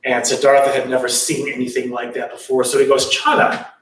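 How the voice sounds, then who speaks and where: A man's voice: mid-range voice, completely flat delivery, quick pace, far from the mic. A man telling a spiritual story in a loose, chatty way, in a temple hall.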